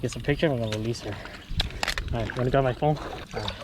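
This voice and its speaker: A young man filming his fishing trip on a creek, talking casually and excitedly, repeating his exclamations and calling his friends bro and dude. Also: medium pitch, quick pace. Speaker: fishing vlogger. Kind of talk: casual outdoor fishing commentary. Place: outdoors on a creek. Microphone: action camera. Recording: outdoor camera audio with loud water noise.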